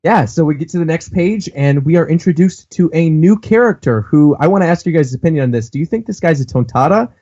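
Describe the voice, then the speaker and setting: Animated man chatting on a lo-fi podcast. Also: fast, hardly any pauses. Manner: animated, acts out character lines in a higher voice. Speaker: podcast co-host. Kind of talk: casual chat recapping a manga chapter. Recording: dull lo-fi podcast audio.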